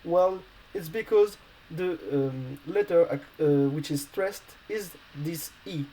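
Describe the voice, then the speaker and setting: A man walks learners through a grammar lesson in English, which is not his first language. His voice sits a little high but sounds mellow and soft-edged. He talks haltingly, with frequent fillers and self-corrections. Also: rough recording. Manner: hesitant, many fillers and restarts. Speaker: language teacher.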